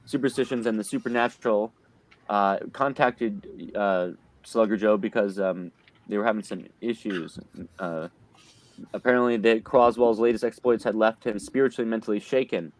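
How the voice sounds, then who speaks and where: Man, game master, low voice, dry close mic, hesitant, lots of ums, online call. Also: no echo. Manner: hesitant, many fillers and self-corrections. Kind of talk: narrating a tabletop game recap.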